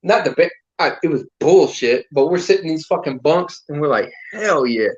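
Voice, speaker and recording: Profane, animated storytelling veteran man. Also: on the high side, fairly quick, breathy edge, muffled recording. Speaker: army veteran reminiscing. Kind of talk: casual chat with old comrades.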